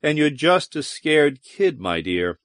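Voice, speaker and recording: Brooding male space captain, read by a man, low measured voice, audiobook, lively pitch. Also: no room sound. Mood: teasing.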